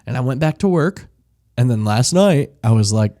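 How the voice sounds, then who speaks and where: A man's voice: mid-range voice, normal speed. A young man co-hosting a casual podcast over a video call, laughing often and rambling through his stories. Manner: laughing, animated, rambling storyteller. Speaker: podcast co-host. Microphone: remote video call mic.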